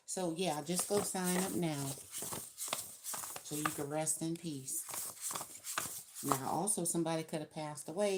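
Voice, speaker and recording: A woman's voice: low-pitched, a little mellow, a little hiss or hum. A woman giving a casual tarot reading, chatty and laughing often, acting out the people she quotes. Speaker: tarot reader.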